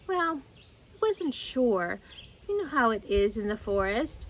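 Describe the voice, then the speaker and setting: A woman voicing a fussy, polite, cautious male rabbit who speaks in a prim, drawn-out way. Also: fairly high pitch, very animated, a little hiss or hum.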